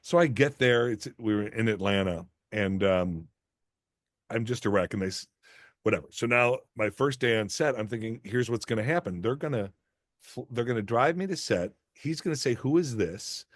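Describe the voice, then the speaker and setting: A middle-aged man, an actor and guest, telling animated, self-deprecating anecdotes in a casual interview, with lots of restarts. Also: lowish voice, moderate pace, no room sound, studio quality.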